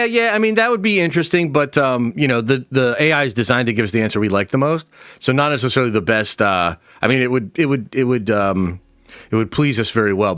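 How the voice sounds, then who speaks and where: A man's voice: fairly low pitch, fairly bright tone, no echo, clean studio sound. A man hosting a livestream, chatting casually, reacting to viewers and swearing freely. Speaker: streamer host. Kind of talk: livestream commentary with chat.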